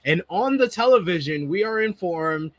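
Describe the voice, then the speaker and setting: A man's voice: sits high, animated, moderate pace. A man hosting a show review, joking and steering the talk between recaps. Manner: joking, leads discussion and recaps. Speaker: podcast host. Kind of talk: casual review chat.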